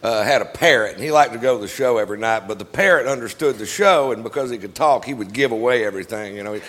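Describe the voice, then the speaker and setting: Man telling a joke, rambling, hesitant, mid pitch. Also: quick pace, hardly any pauses, fairly bright tone.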